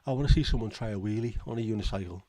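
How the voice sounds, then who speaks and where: Low-voiced man chatting on a livestream. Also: racing, warm tone, no echo. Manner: chatty, swears freely, reacts with disbelief. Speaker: livestream host. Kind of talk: casual chat reading viewer comments.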